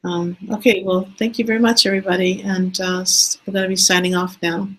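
A woman hosting an online teaching hangout over a video call, speaking in a hesitant, halting way and slowing down to spell out details. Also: mid-range voice, little pitch movement, a bit bright, rough recording. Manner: hesitant, halting speech that slows down to spell things out. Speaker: host of an online teaching session.

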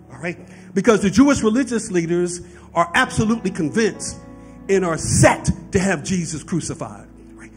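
A man preaching a sermon, explaining scripture and often checking in with his listeners with "right?". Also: sits high. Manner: preaching with rising fervor, frequent "right?" asides. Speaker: pastor.

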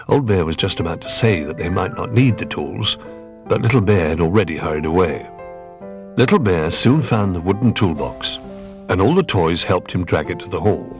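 A man reading a children's storybook aloud in an expressive, gentle manner. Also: sits low, normal speed, over music.

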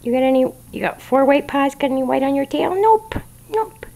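A woman talking baby talk to a young puppy while filming it, cooing in a sing-song way and sometimes dropping to soft whispers. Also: high voice, level tone, quick pace, gravelly.

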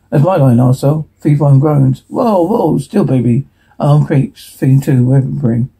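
A man reading a TV episode transcript aloud in a hurried way, stumbling and restarting words now and then. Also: on the high side, vocal fry, mellow, breathy edge, poor audio. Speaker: reader.

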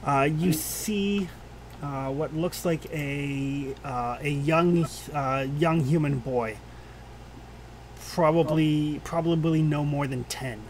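Slow, halting male game master. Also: fairly high pitch, slight background noise. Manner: halting, lots of "uh" and restarts while describing scenes. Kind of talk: narrating a tabletop game.

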